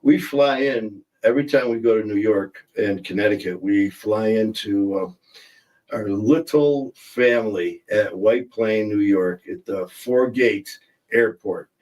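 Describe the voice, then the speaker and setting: A man's voice: lowish voice, unhurried, a little mellow, far from the mic, rough recording. A middle-aged man hosting a casual livestream, rambling and reading viewer comments aloud. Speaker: host.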